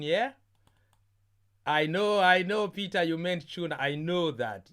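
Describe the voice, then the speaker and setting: Name: stream host. Sex: man. Pitch: high. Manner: jovial, chatty, repeats himself. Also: slow pace, long pauses, a bit bright, smooth. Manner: jovial, repeats his words, chats to viewers. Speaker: host of an online carnival stream. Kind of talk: casual live-stream hosting.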